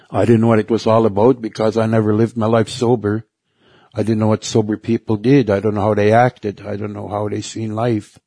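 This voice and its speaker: A middle-aged man telling his personal faith testimony in a halting way, repeating words and letting phrases trail off. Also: on the low side, slightly rough, no echo. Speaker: testimony speaker. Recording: soft guitar music behind.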